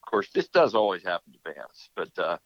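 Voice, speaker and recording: A man of middle pitch whose voice rises and falls a great deal as he joins in to add to a story. The sound is dry and slightly muffled. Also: big pitch swings, a little fast, no echo. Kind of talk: casual chat.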